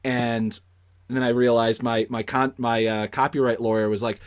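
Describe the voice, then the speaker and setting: A man's voice: mid-range voice, steady tone, moderate pace, fairly bright tone, clean tone. A man co-hosting a photography podcast, a freelance photographer who talks chattily and laughs through his sentences. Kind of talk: podcast conversation.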